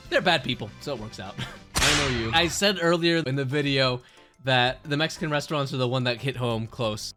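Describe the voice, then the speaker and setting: A young man giving casual, sarcastic commentary, swearing freely and laughing as he ranks things. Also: medium pitch. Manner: animated, profane, sarcastic, laughs often. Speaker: commentary video host.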